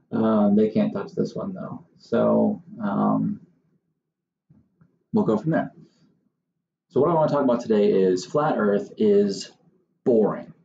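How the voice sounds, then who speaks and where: A man's voice: on the low side, gravelly, warm tone, echoey room, muffled recording, slight background noise. A man who hosts his own channel as a surveyor, talking casually to the camera in a wry, exasperated way. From Southern Maine. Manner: wry, exasperated, mocking impressions of others.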